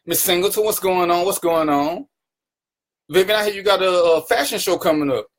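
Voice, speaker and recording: A man's voice: high-pitched, fairly quick. A man hosting his own live stream, greeting viewers by name and teasing them in casual, playful banter. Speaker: livestream talk show host.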